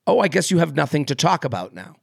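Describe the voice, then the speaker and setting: A podcast co-host with a gravelly, slightly rough voice on the high side talks fast and very animatedly in a clean, echo-free studio recording. He rambles through casual chat, full of fillers and restarts, and laughs often.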